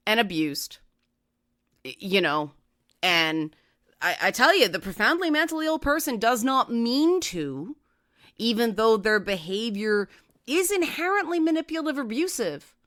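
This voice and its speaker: A woman's voice: very animated, a little slow, fairly bright tone. A woman hosting a talk show, giving direct, conversational advice and often tagging her points with a questioning "right?". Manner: acts out quoted voices with raised pitch. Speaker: podcast host.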